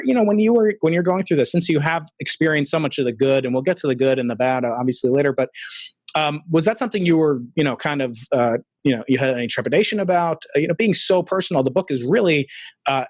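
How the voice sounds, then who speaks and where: A man's voice: on the high side, expressive, fast talker, no echo. Hesitant male podcast host, dry sound. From Long Island, New York. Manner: hesitant, frequent restarts and filler words. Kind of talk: casual interview chat.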